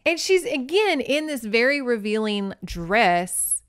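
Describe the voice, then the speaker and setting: A woman's voice: a little high, lively intonation, measured pace, clear, resonant tone, dry recording, studio quality. A woman podcast host recapping a novel in a chatty, giggly, playful way. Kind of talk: casual chat, recapping a novel.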